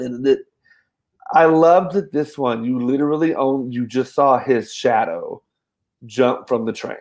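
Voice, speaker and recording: A man's voice: mid-range voice, normal speed, darkish tone. A man co-hosting a movie podcast, chatting casually, stammering a little and acting out his own reactions. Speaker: podcast co-host. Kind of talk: casual movie review chat.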